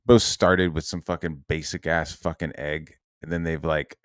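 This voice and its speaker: A man's voice: a bass voice, level tone, moderate pace, smooth, no room sound, clean studio sound. A man ranting in a heated, profane and sarcastic monologue. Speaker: online commentator.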